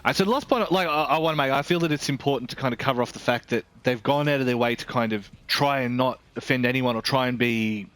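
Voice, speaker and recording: A man's voice: medium pitch, quick pace, few pauses, fairly bright tone, smooth. A man with an Australian accent reviewing a video game in casual chat, rambling and candid, swearing freely.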